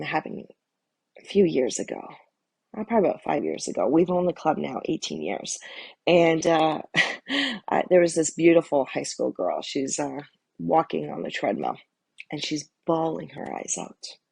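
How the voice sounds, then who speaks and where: Gravelly, husky woman giving blunt life advice. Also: deep voice, very animated, normal speed, dry recording. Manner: blunt and candid, casual swearing; emphatic, direct address to viewer. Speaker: holistic lifestyle coach. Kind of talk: motivational talk to camera.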